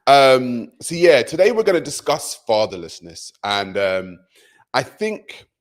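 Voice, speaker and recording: Male podcast host, low voice, earnest and emphatic, casual chat.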